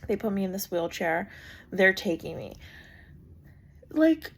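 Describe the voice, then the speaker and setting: Her mid-range voice is sing-song and slightly rough, moving at a measured pace. The young adult vlogger chats casually about her birth story, filling it with "like" and acting out the voices of others.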